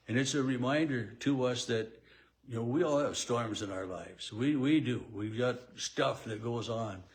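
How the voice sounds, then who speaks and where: A man's voice: medium pitch, moderate pace. A male pastor giving a daily devotional Bible talk in a conversational way, with frequent fillers and restarts.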